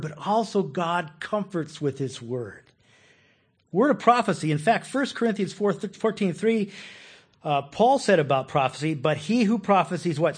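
A man's voice: on the high side, husky. A man preaching a sermon as a pastor, emphatic and asking questions of his listeners. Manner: emphatic, asks questions of the congregation.

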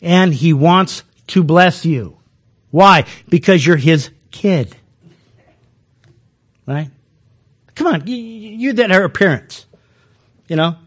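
A man gives a relaxed, conversational sermon in a high voice. He chuckles often and trips over restarts, talking to his listeners like friends. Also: slow, long pauses. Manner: folksy, chuckling, many restarts. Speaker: preacher.

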